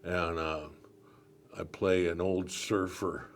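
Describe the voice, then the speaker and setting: A man's voice: low-pitched, fairly even intonation, takes it slowly, slight background noise. An older male voice actor chatting animatedly in an interview and slipping into character voices. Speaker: voice actor guest. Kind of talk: casual interview chat.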